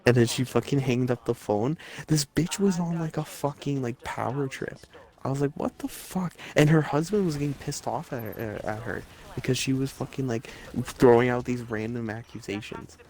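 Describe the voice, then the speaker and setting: A man's voice: medium pitch, moderate pace, a little mellow. Profane young guy telling a story. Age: late teens. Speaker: streamer. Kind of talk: casual chat, storytelling.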